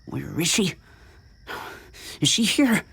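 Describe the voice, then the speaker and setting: A woman's voice: on the low side, very animated, takes it slowly, gravelly, slightly rough, no room sound, heavily acted. A woman doing a rattled, snappish man scientist. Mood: distraught. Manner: snapping, shouting in distress.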